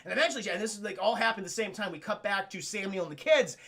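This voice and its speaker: A man casually recapping a film on a live stream, profane and animated, acting out the characters' lines. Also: sits high, very fast.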